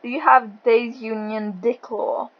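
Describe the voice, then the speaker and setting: A woman interviewing a guest over voice chat, blunt and quick to laugh, with a thick accent and a habit of swearing. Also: fairly high pitch, steady tone, muffled recording. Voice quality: says she has a thick accent.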